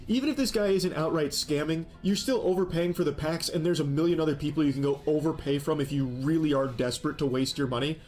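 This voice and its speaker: A man's voice: fairly high pitch, fast talker, hardly any pauses, a little mellow. A man commentating on a stream clip in a sarcastic, mocking, incredulous way. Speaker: reaction commentator.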